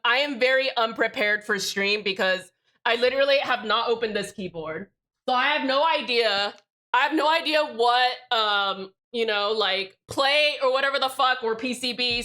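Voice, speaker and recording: A bright, keen-edged young woman's voice, pitched a touch high, chatting away on a home live stream. She is bubbly and loose, swears freely and reads out chat as she goes.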